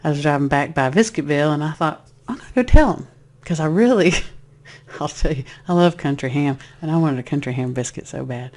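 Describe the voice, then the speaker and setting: Speaking fairly quickly at medium pitch, a spiritual speaker shares a personal story in an animated, casual way. The telling rambles and restarts, and the speaker performs the voices of the characters.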